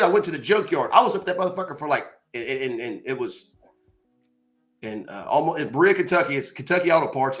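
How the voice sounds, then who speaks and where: A young man with a high, bright voice rattles along at a quick clip as a podcast guest. He talks bluntly and swears freely, piling up stories with animated bursts. It sounds like casual chat into a podcast mic. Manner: blunt, profane, animated storyteller. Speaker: podcast guest, window tinter.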